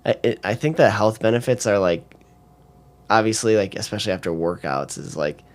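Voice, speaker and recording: A man's voice: lowish voice, expressive, fairly quick. A young man chatting casually as a podcast guest, rambling through stories with many filler words and bursts of laughter. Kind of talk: casual chat.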